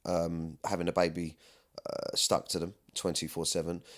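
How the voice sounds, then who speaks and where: Rambling and earnest, this man hosts a podcast and chats candidly about personal matters, frequently adding "do you know what I mean". His low voice is delivered flatly at normal speed, with a fairly bright tone.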